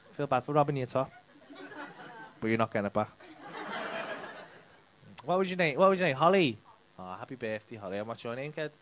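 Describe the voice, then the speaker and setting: A man's voice: mid-range voice, lively intonation, a little fast, pauses often, background noise. A male stand-up comedian doing crowd work, teasing people in the audience with sweary banter. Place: comedy club stage.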